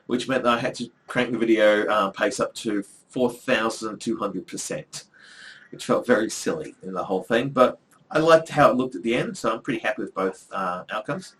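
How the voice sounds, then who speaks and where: A man's voice: fairly low pitch, normal speed, a bit bright. A middle-aged man, chatting casually to the camera in a rambling, wry way with lots of ums. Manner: rambling, chatty, with frequent ums and dry asides. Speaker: vlogger and academic.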